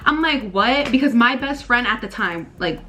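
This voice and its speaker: A young woman in her twenties tells a story in casual talk to camera. Her voice sits a little high, and her delivery is lively and chatty, speaking straight to her viewers. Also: moderate pace, slight background noise. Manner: animated, chatty, addresses viewers as y'all. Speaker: vlogger telling a personal story.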